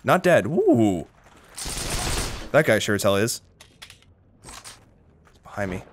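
A young man talks over his own shooter gameplay in a lively, swinging voice, dry and sarcastic one moment and yelping high in panic the next. He swears freely. Faint game noise sits underneath him. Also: takes it slowly. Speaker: gaming commentator. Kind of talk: live gameplay commentary.

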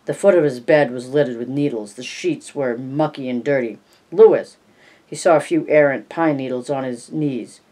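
A narrator reads a horror novel aloud at a measured pace. The voice sits at a mid pitch and drops softer when the tension rises. The telling is steady throughout. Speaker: audiobook narrator. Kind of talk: scripted narration.

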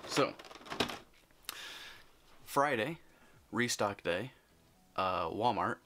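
A man vlogging, telling a story in an animated, chatty way and acting out the people in it. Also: medium pitch, normal speed, background noise. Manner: animated, chatty, acts out quotes. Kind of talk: casual storytelling.

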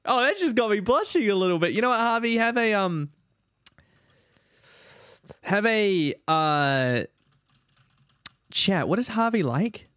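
A man streaming a game, rambling in animated casual commentary and talking to his chat. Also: sits high, measured pace, long pauses, clear, resonant tone, no echo, clean studio sound.

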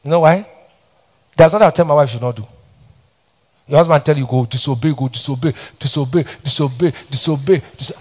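Nigerian pastor guy preaching, kinda high voice, keeps asking the crowd "what?" and repeating himself. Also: darkish tone. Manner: preaching with call-and-response questions and repetition. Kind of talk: sermon. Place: church hall.

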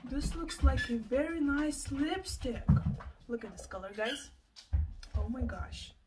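A young woman vlogger chatting casually while unboxing gifts, excitable and full of gasping exclamations. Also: sits high, a little slow, heavy background noise. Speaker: plant and lifestyle vlogger.

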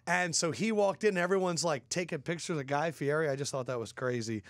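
A young man co-hosting a podcast, telling stories in a lively, animated way and acting out the people he quotes. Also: a little high, a little fast, no echo. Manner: animated storyteller, quotes people in bursts, curses. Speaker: podcast co-host. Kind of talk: casual chat.

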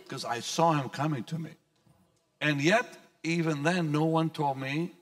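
A man's voice: on the high side, normal speed, creaky, a bit bright, far from the mic. A male pastor recounting his personal testimony in an interview, storytelling with frequent restarts and repeated words.

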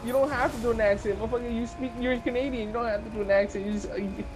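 A man chatting casually while gaming online, excitable and teasing his friends. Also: extremely high pitch, very fast, over music, poor audio. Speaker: gamer.

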